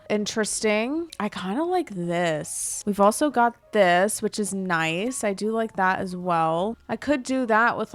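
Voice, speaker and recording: A woman's voice: medium pitch, fairly bright tone. A young woman giving casual commentary while she builds a house in a life-sim game, thinking aloud in a chatty, playful way. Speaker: Sims building creator.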